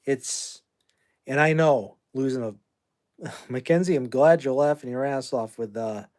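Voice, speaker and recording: A man's voice: mid-range voice, a little slow, darkish tone. A man in his fifties from the United States, hosting a livestream in a brash, rambling, trash-talking way while answering viewer comments. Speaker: livestream host.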